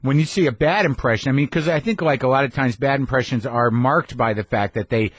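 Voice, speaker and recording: A man's voice: mid-range voice, a little fast, dry recording. Dry-sounding man musing in casual chat. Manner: reflective, swears casually. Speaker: podcast host. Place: garage studio.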